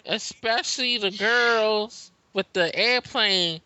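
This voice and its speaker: Male co-host, relaxed casual speech, sharp voice, dry muffled recording. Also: high-pitched, slow pace, slight background noise. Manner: laid-back, short replies, casual nonstandard grammar. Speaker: podcast co-host. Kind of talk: casual movie review chat. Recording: dry, dull lo-fi sound.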